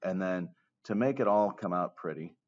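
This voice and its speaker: A man's voice: low voice, normal speed. A man teaching chemistry in a casual, joking lecture style, often checking in with his class. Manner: casual, jokey asides, keeps checking with "okay?". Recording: dull lo-fi recording.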